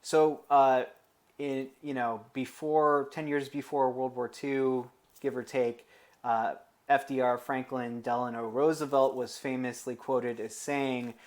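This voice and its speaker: A man's voice: mid-range voice, level tone, unhurried. Rambling, conversational male lecturer. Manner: conversational and digressive, with frequent fillers and asides. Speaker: teacher. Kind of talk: informal classroom lecture.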